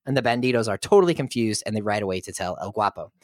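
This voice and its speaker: A man's voice: fairly low pitch, lively intonation, quick pace, dry recording. Male podcast co-host, laid-back film recap with frequent chuckles, dry close sound. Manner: chuckles while retelling.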